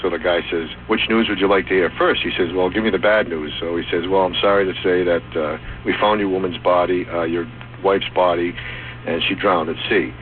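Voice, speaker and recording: Deep-voiced male caller telling a joke. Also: brisk. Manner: steady storyteller with fillers. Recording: tinny phone line, faint noise.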